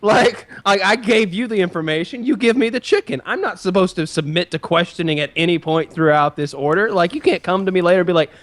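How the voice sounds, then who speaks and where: A man's voice: a little fast, few pauses. A man on a podcast, telling a frustrated story in casual chat and acting out the quotes. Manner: animated, acts out quotes with jumps in pitch. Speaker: podcast co-host.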